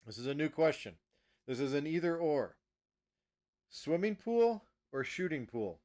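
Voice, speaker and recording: A man hosting an interview, firing off quick questions and laughing often. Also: on the high side, very animated, darkish tone. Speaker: interview host. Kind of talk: casual interview chat.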